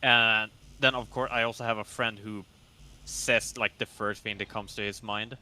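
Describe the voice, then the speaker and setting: A man chatting hesitantly with a fellow player, leaning on fillers as he goes. His voice is fairly low but strikingly bright and sharp. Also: fairly even intonation, moderate pace. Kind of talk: casual chat while gaming.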